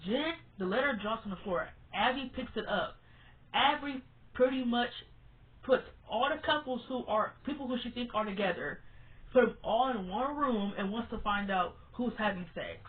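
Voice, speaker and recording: A woman's voice: on the high side, moderate pace. A woman reviewing a TV show in a casual vlog, blunt and emphatic, who swears freely and repeats words for stress. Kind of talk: casual opinionated vlog rant. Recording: tinny phone-like sound.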